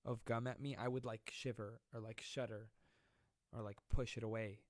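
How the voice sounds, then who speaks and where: A man's voice: on the low side, fairly even intonation, normal speed, no echo. Joking self-mocking man on a dry mic. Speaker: live-stream host. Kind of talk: casual comedic live-stream chat. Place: at home during quarantine. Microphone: close desk mic.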